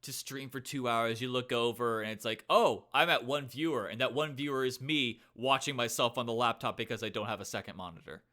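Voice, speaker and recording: A man's voice: mid-range voice, a little fast, few pauses, bright, forceful tone. A man hosting a casual interview, chatty and friendly in his questions. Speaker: podcast host.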